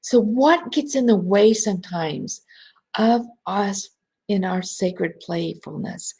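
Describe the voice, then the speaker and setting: Woman, live online host, at home, bubbly, laughs often, leisurely pace, soft voice for breathing guidance. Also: medium pitch, gravelly, husky. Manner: bubbly, laughs often, speaks directly to the audience; soft and slow when guiding breathing. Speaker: host of an online women's gathering. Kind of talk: live-streamed coaching talk with guided breathing.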